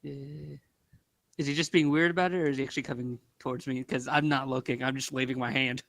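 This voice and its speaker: A man's voice: medium pitch, steady tone, quick pace, a bit bright, no room sound. A man playing a tabletop game, thinking aloud in a hesitant way. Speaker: player.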